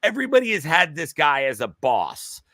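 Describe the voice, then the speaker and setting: A man co-hosting a podcast, talking excitedly in casual chat with many restarts and halting phrases. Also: fairly high pitch, no room sound, studio quality. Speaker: podcast co-host.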